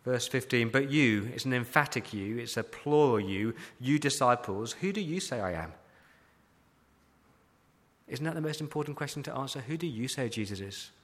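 A man's voice: medium pitch, lively intonation, normal speed, fairly bright tone. Pastor guy preaching, keeps firing questions at the crowd, big hall echo. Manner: emphatic preaching with repeated rhetorical questions. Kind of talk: sermon. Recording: long hall reverb.

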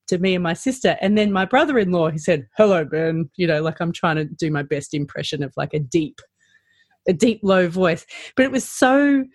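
A woman, a health practitioner, talking through her advice in a podcast conversation, animated and full of ums. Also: no room sound, clean studio sound. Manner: animated, rising and falling pitch, lots of fillers. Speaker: practitioner educator.

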